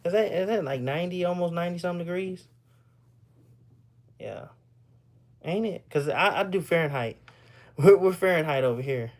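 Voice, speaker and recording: A man's voice: sits high, moderate pace, long pauses. Rambling man chatting with viewers. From Texas, US. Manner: loose and rambling, repeats words, laughs often. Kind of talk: casual live-stream chat.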